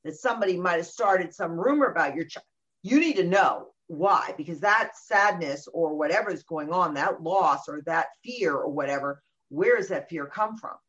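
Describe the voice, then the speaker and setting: A middle-aged woman talking about parenting in a casual conversation, animated and often acting out what other people say. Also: on the low side, normal speed. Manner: animated, acts out quoted voices. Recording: dull lo-fi recording.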